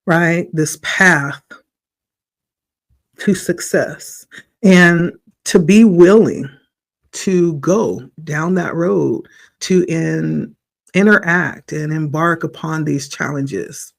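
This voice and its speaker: A man giving a spiritual tarot reading in a slow, reflective, encouraging way, his voice a little hoarse from the morning. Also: a little high. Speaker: tarot reader.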